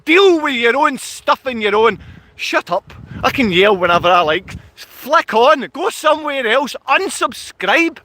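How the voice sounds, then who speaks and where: High, sharp-voiced man ranting angrily. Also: sing-song, unhurried. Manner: ranting, insulting, yelling at viewers. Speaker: vlogger. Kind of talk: angry livestream rant. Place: outdoors in his town.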